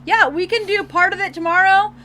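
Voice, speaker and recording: High, bright-voiced teasing woman. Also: brisk, a little hiss or hum. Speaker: podcast co-host. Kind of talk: casual chat.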